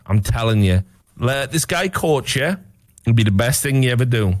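A Welsh man guesting on a podcast, drunk and swearing, teasing the others and breaking into loud mocking voices. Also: medium pitch, animated, normal speed, no room sound, clean studio sound. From Wales. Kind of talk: casual banter.

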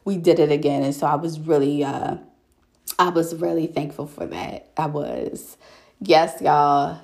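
Young woman hosting her podcast, slightly low voice, animated storyteller, keeps saying y'all. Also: gravelly. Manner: chatty, animated storytelling, addresses listeners as y'all. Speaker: podcast host. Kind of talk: casual solo chat.

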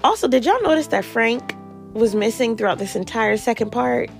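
A woman's voice: expressive, normal speed, gravelly, faint music behind. A young woman hosting a podcast, giving blunt, sassy, profanity-laced commentary on a reality show. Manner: sassy, blunt, swears freely, mimics people in high voices. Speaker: podcast host reviewing reality TV. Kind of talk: casual commentary.

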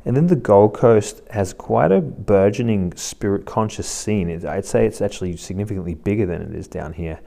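A man hosting his own podcast, talking casually in a relaxed, rambling, reflective way. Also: fairly low pitch, moderate pace, creaky, few pauses. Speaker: podcast host. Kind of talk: casual solo podcast monologue.

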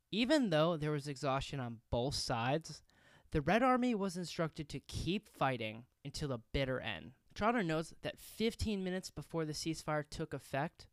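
A man's voice: on the high side, smooth, no echo, studio quality. A man narrating history in a casual podcast style, with conversational, reflective asides and the odd filler.

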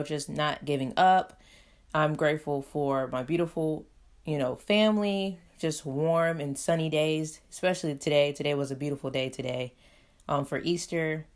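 A woman with a slightly low voice hosts her own podcast. She talks in a loose, casual way and fills her sentences with "you know." It sounds like an easy solo chat. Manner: chatty, heavy use of "you know" fillers. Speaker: podcast host.

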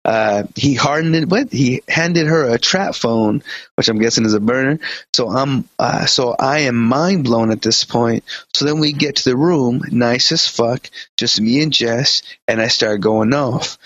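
A male podcast co-host reading a story aloud in a profane, animated way, with quick comic asides. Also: medium pitch, no room sound. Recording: dull lo-fi podcast audio.

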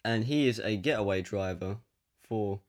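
A man's voice: lowish voice, normal speed. A man co-hosting a podcast, chatting casually in a dry, teasing, laid-back way. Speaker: podcast co-host. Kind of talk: casual chat.

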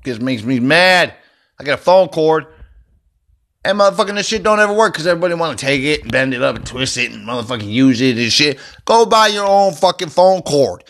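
A man's voice: on the high side, big pitch swings, a little fast, fairly bright tone. Angry, profane man ranting into his phone. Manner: angry, heavily profane, rambling. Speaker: vlogger. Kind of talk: unscripted profane rant. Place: indoors at home, seated.

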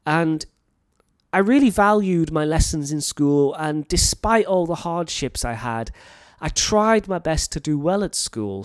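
Earnest North Welsh man, slightly high voice. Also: dry recording, clean studio sound. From North Wales. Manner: earnest and explanatory. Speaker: teacher. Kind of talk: talk to fellow teachers.

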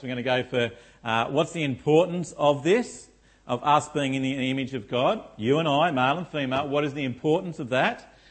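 A man's voice: medium pitch, husky. A middle-aged man preaching a sermon in a church, often asking the congregation rhetorical questions like "isn't it?". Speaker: pastor.

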